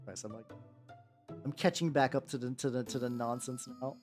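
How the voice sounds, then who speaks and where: A man streaming while he paints miniatures, chatting casually with viewers in an animated, rambling way and repeating his greetings. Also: medium pitch, fairly quick. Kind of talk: casual livestream chat. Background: faint background music.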